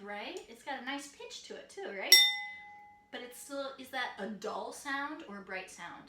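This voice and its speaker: A woman's voice: a little high, very noisy. Woman teaching a kitchen music lesson. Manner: friendly questions to young listeners. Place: home kitchen. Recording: echoey kitchen, distant mic, loud clatter.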